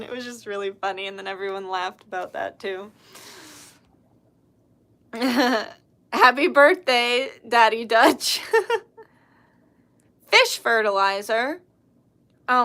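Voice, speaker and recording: Woman, livestream host, bright and fairly high, chatty and blunt, casual chat. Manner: chatty, laughing storyteller, blunt when annoyed. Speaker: spiritual healer and livestream host.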